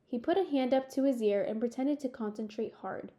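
A woman narrating a children's sports story in a measured, expressive storytelling way. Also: a little high. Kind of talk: audiobook narration.

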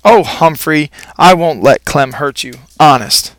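A man voicing a gentle, kind young girl who soothes her pet in a storybook reading. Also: a little high, a little slow, dry recording. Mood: soothing. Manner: soothing, apologetic.

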